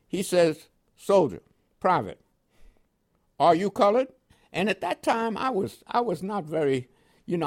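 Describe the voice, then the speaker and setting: Older man, animated storyteller. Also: on the high side. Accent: New York with West Indian inflections. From Panama. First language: French. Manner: lively, animated storyteller who acts out quoted voices. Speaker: interviewee. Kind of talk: oral history storytelling.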